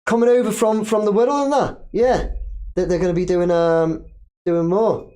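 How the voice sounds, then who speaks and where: A man's voice: sits high, steady tone, moderate pace, dark tone. A man hosting a casual live stream, chatting loosely, reading viewer comments aloud and laughing easily. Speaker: livestream host.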